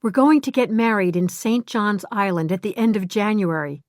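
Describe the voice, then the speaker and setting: A woman voicing a gentle, sweet young bride-to-be in an audiobook. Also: medium pitch, moderate pace, no echo, studio quality, natural voice.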